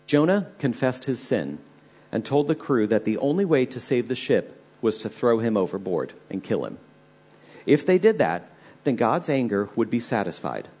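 Male pastor, husky, earnest storyteller preaching a sermon. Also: mid-range voice, very animated, normal speed, darkish tone.

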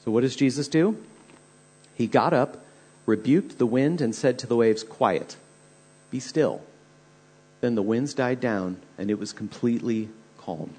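Husky-voiced male preacher. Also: mid-range voice, normal speed, dark tone. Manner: earnest, dramatic storytelling. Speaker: pastor. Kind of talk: sermon.

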